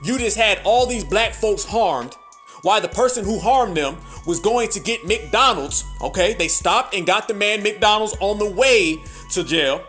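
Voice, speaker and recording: A man's voice: high voice, a bit bright. A man giving heated, mocking, profane political commentary.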